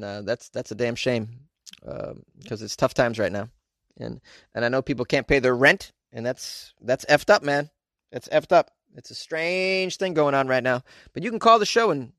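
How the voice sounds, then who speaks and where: A man's voice: medium pitch, a bit bright, no echo. Man, podcast host, casual joking monologue, frequent laughs, dry close-mic sound. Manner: joking, laughs often, rambling with restarts.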